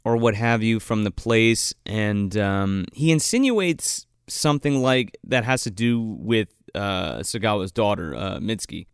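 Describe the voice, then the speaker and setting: Man with a lively, profane retelling style. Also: lowish voice, measured pace, hardly any pauses, clean tone, no room sound, studio quality. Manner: profane, retells scenes with quoted voices. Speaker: podcast co-host. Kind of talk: casual chat.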